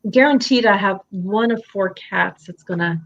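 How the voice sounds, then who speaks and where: Working from her home office, a woman coaches a client live in a candid conversation, speaking expressively and voicing quoted thoughts in different voices. Her voice is mid-range at a normal speed, and the sound is lo-fi.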